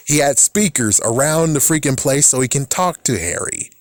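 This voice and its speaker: A man talks loosely and at length, often annoyed and quick to swear. His voice sits at an ordinary pitch. The sound is dry and close, with no room echo. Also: expressive. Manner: rambling, exasperated, swears often. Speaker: vlogger. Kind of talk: casual rambling film commentary.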